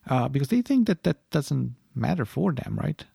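A man who teaches philosophy chats casually on a podcast over a video call, rambling and thinking aloud in a deep morning voice. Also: very animated, moderate pace, creaky, dark tone, husky, no room sound, studio quality.

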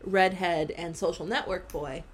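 A woman's voice: on the low side, steady tone, a little slow, husky. A woman co-hosting a podcast, chatting casually and laughing often. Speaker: podcast co-host. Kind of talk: casual chat.

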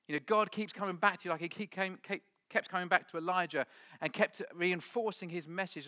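Bright-voiced preacher, dramatic delivery. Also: male voice, high-pitched, fairly even intonation, fairly quick. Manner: dramatic, swinging from loud to whispered. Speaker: pastor. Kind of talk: sermon. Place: church hall with audience.

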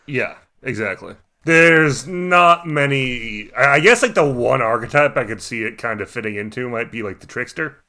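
A man's voice: medium pitch, lively intonation, normal speed, hardly any pauses, sharp tone. A man in casual chat about a tabletop game, thinking aloud with lots of restarts. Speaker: tabletop game podcast co-host.

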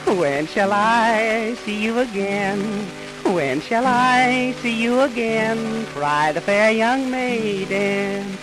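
A singer voicing a fair young maiden in a 1920s comic folk song, slowly repeating pleading sung lines. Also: medium pitch, over music, rough recording. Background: band accompaniment.

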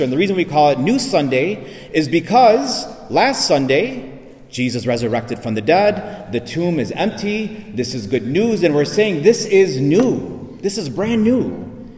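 A man's voice: fairly high pitch, a little mellow, echoey room, in a large hall. A man giving a homily as a priest, telling a story and acting out the people in it. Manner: storytelling, acting out quoted voices in his retelling.

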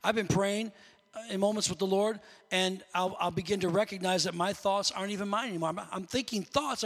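A pastor preaches with fervor, his voice striking for a man in how high it sits. His tone is bright and forceful, often climbing into shouts. It rings out with the long reverb of a large hall. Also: fairly quick. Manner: impassioned preaching, rising to shouts. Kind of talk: sermon.

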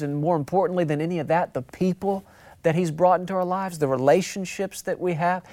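A man's voice: on the high side, a little mellow, dry recording. A man preaching a sermon, talking conversationally, repeating phrases for emphasis and acting out quotes. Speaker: pastor.

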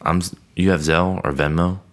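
A man's voice: deep voice, steady tone, a little fast. A man who is a guest on a podcast, swearing and joking in casual chat over drinks.

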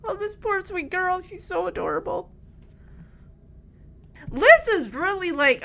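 High-voiced woman recapping an episode, chatty, acting out the lines. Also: slow, pauses often. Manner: chatty, animated, acts out the characters' lines. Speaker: show recap vlogger.

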